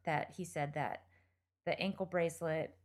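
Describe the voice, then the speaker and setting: A woman's voice: deep voice, steady tone, normal speed. A woman co-hosting a podcast, telling a true crime story in a chatty, blunt way with lots of fillers. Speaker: podcast co-host.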